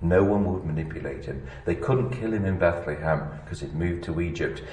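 A male preacher. His voice sits a little low, and he drops to near-whispers before rising to emphatic peaks. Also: moderate pace, roomy sound, rough recording. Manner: animated preaching, swinging between hushed and emphatic. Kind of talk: sermon.

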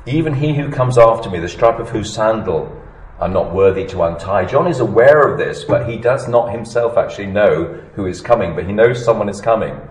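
A male preacher. His voice sits a little low, and he drops to near-whispers before rising to emphatic peaks. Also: brisk, roomy sound, poor audio. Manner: animated preaching, swinging between hushed and emphatic. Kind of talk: sermon.

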